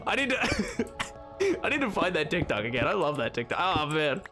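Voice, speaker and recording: Animated male game streamer with a high voice. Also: moderate pace, soft background music. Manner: animated, jokey, does silly voices. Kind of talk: casual live-stream chat. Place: at home, playing a video game.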